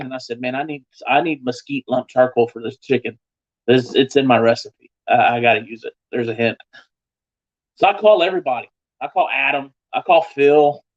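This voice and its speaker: A man telling a story casually on a live show as a guest pitmaster, animated, his voice jumping higher when he acts out other people. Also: dull audio.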